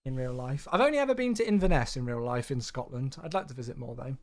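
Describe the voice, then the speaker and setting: A man chatting casually on a flight-sim live stream, excitable and effusive toward his viewers, sounding tired. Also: medium pitch, quick pace.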